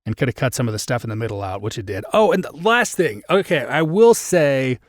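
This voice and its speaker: A man's voice: medium pitch, sing-song, fairly quick, no echo, studio quality. A young man hosting his podcast live, chatting casually through a movie review with a rambling, filler-heavy way of talking. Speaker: podcast host.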